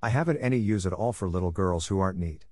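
A man reading the lines of a stern, sharp-tongued older spinster in a brisk, scolding way. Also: sits low, no echo, studio quality.

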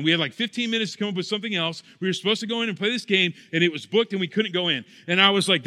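A man's voice: sits high, racing, hardly any pauses, pushed and bright. A young adult man preaching a sermon as a pastor, in a conversational, self-deprecating storytelling manner, in a church sanctuary. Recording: long hall reverb.

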